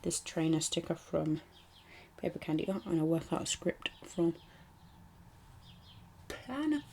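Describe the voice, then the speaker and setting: A woman's voice: low voice, animated, measured pace, gravelly, darkish tone, a little hiss or hum. A young British woman narrating her planner spreads in a chatty, rambling way, with ums and little asides. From United Kingdom. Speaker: planner vlogger. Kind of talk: casual voice-over narration.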